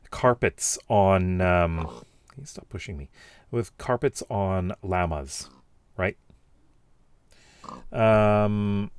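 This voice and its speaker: A man's voice: on the low side, a little mellow, no echo. A man casually reading out and reacting to viewer comments, rambling with many fillers and restarts. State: has the hiccups.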